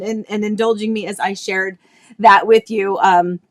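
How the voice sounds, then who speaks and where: A woman's voice: mid-range voice, fairly even intonation, normal speed. A woman in her thirties hosting a casual livestream, talking in a chatty, rambling way with lots of fillers and restarts, nostalgic and emotional at times. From Florida, US. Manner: emotional and nostalgic, laughing between tears. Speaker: realtor and livestream host.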